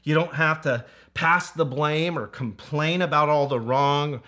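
Male pastor preaching, slow and deliberate, bright clear tone, earnest with playful asides. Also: fairly high pitch. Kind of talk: sermon.

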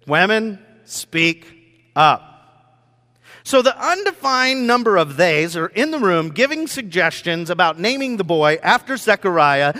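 A man's voice: sits high, sing-song, normal speed, hardly any pauses, pushed and bright. A male pastor delivers a conversational sermon, his slightly raised voice ringing through a large hall with a long reverb tail. He talks with animation, acts out quoted dialogue, and stumbles through frequent fillers and restarts.

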